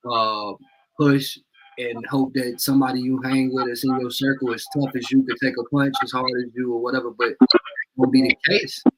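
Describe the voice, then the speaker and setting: A man's voice: mid-range voice, a little fast, a little hiss or hum, low-quality recording. Laid-back man hosting a chat. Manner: relaxed, agreeing, street slang. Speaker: podcast host. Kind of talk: casual chat.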